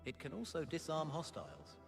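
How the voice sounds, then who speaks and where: Q, a polished gadget master over music. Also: male voice, a little high, huge pitch swings, vocal fry, exaggerated voice. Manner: polished, measured and courteous. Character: composed male gadget master briefing an agent. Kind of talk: video game cutscene dialogue. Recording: game audio over a music score.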